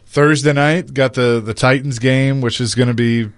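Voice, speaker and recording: A man hosting a sports radio show, relaxed and humble in casual chat. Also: medium pitch, normal speed, no echo.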